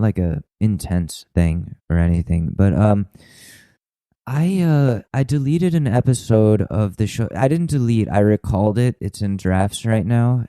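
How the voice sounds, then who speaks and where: A young man hosting a podcast in a loose, rambling comedic monologue, swearing freely and mocking himself. His voice is deep and dark, with a mellow, low tone. The sound is dry and close to the mic. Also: no echo, low-quality recording. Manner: rambling, self-mocking, profane. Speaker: podcast host.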